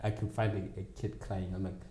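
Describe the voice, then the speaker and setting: A deep, warm voice with little pitch movement comes across fairly quickly and with reverb. The speaker, an educator and tutoring business owner guesting on an interview, earnestly acts out his talks with students.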